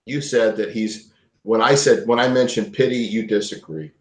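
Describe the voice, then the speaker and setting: A man arguing heatedly and profanely, shouting others down. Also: lowish voice, fairly even intonation, normal speed. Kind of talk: heated argument. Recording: echoey room.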